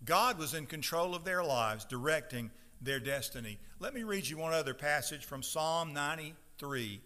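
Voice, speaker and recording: A fairly high, bright and forceful male voice preaching from the pulpit. He moves from easy storytelling to loud, emphatic scripture reading. The sound carries a long church reverb. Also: animated, moderate pace. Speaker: pastor. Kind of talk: sermon. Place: church sanctuary.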